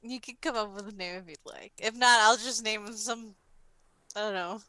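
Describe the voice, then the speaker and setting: A woman playing a tabletop game who giggles a lot and thinks out loud as she talks. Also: medium pitch, moderate pace, no echo, low-quality recording. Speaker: player. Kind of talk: casual tabletop game chat.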